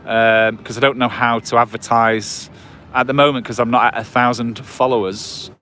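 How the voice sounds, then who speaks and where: A man's voice: medium pitch, little pitch movement, moderate pace, pushed and bright, a little hiss or hum. A man in his forties chatting casually with livestream viewers on a phone, rambling with lots of fillers and restarts, outdoors on a promenade at night. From England. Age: 40s. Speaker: livestream host. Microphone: phone on a gimbal.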